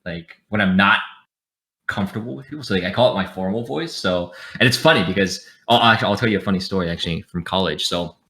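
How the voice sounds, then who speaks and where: A young man talks on a podcast in a deep voice that still has a bright, forceful edge. He is chatty and high-energy, full of "like" and "um" as he goes. His tone stays casual throughout. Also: fast, creaky. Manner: talkative, energetic, many fillers and restarts. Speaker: podcast guest, streamer. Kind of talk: casual chat.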